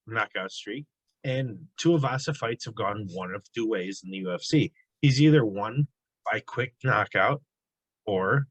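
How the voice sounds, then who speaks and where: A man's voice: medium pitch, a bit bright, dry recording, rough recording. Guy talking fight picks, chatty w lots of uhs and restarts, dry close sound. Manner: conversational, frequent fillers and restarts. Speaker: sports betting analyst. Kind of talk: casual sports betting analysis.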